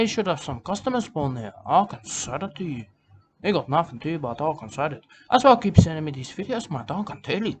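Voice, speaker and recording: High-voiced rambling man. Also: slight background noise. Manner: repetitive, rambling, drops catchphrases. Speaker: comic host. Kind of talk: rambling comic monologue.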